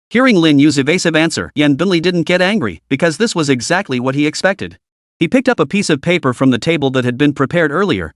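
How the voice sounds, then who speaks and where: A man's voice: on the high side, expressive, fast talker, no echo, clean studio sound. A man narrating a scripted story in a dramatic recap reading.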